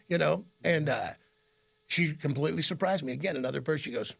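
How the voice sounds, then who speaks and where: A man's voice: medium pitch, quick pace, gravelly, slightly rough. A middle-aged man with a Midwestern American accent, telling stories in a casual interview and acting out the voices of people he quotes. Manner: animated storyteller, acts out quotes, laughs often. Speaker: radio host and guest.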